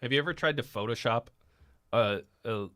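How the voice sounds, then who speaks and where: A man's voice: medium pitch, moderate pace, a bit bright, dry recording, clean studio sound. A man hosting a live stream where he reviews viewer songs, joking crudely and rambling with lots of fillers. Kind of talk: casual live-stream chat.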